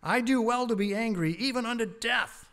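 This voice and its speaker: A man's voice: fairly high pitch, moderate pace, natural voice. Male preacher doing a bitter, self-pitying prophet, sulky complaint. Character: angry, miserable male prophet, sulking.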